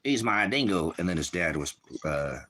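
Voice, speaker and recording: A man's voice: deep voice, big pitch swings, moderate pace, sharp tone, slight background noise. A man with a cough rambling in casual livestream chat from a small cabin, often talking sweetly to his dog. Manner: rambling, talks baby-talk to his dog. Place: small hot cabin, off-grid farm.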